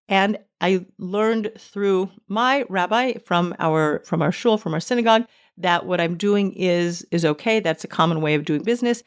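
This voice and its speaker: A middle-aged woman delivers a podcast monologue in an earnest, emphatic way. She leans into her key points and lifts her voice when she quotes scripture, with a pitch that is neither high nor low. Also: normal speed, clean tone. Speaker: podcast host.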